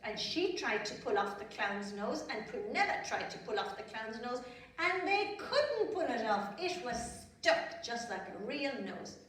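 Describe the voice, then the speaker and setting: A woman tells a children's story slowly, with lively, sweeping pitch and playful sound effects. She is heard from a distance in a room with a lot of echo. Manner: slow, lively and expressive, adds sound effects. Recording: echoey room from far off.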